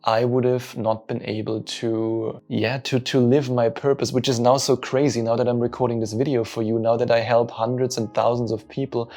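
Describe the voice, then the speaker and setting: A man's voice: medium pitch, little pitch movement, moderate pace, few pauses, darkish tone. A man who coaches people spiritually, telling an earnest, openly emotional personal story straight to camera.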